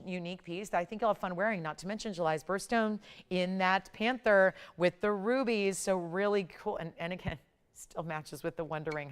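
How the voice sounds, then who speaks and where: A woman's voice: lowish voice, clean tone. A woman hosting a live jewelry shopping broadcast, with upbeat, pushy sales patter. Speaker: shopping channel jewelry host.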